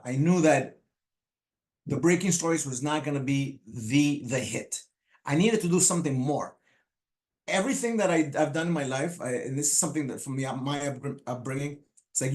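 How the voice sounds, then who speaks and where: A man in his fifties whose first language is Spanish, giving a motivational speech about his life, halting with many restarts and fillers. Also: a little high. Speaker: motivational speaker. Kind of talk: personal storytelling speech.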